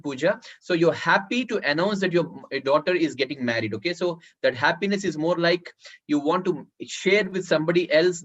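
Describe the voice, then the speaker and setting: Over a video call with dull, lo-fi audio, a man with a somewhat high, slightly bright voice teaches public speaking in an online workshop. He gives instructions and repeats words so participants can write them down.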